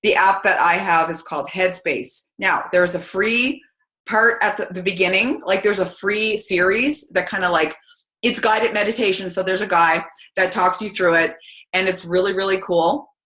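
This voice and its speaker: A chatty, energetic woman, giving a casual motivational talk to her team. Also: mid-range voice, normal speed. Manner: chatty and energetic, many fillers. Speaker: team call speaker. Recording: roomy echo.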